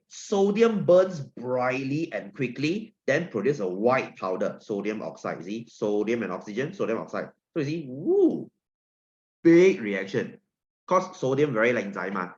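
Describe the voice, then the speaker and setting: A man's voice: mid-range voice, muffled recording. A man with a Singaporean accent teaching an online science lesson, playful and jokey, full of teasing analogies.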